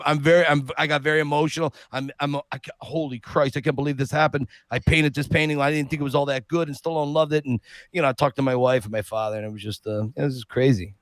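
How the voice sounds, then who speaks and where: A man on a podcast telling an animated personal story, acting out the people he quotes. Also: fairly high pitch, no room sound. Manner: lively anecdote teller who acts out quotes. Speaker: podcast guest.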